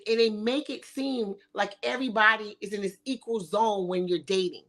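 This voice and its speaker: A woman's voice: fairly high pitch, a bit bright. A middle-aged woman hosting a talk show, speaking bluntly and sassily with frequent swearing. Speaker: podcast host. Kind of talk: provocative casual talk.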